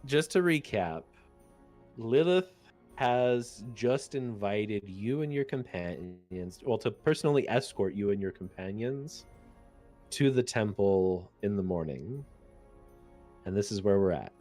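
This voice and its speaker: A man narrating as game master in a tabletop game, casual and halting with lots of fillers. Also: lowish voice, animated, mellow, faint music behind.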